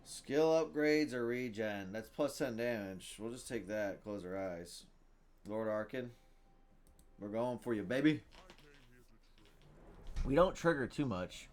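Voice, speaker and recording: A young man streaming a card game, casual and excitable, muttering to himself and then breaking into loud shouts. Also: medium pitch, slow pace, pauses often. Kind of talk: casual gameplay commentary.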